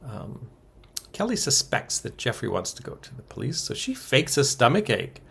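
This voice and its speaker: A man with a gravelly, slightly husky voice talks through a casual recap. His pitch rises and falls a lot as he drops wry asides and chuckles between the ums. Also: sing-song, moderate pace, a bit bright. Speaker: podcast co-host recapping a soap opera.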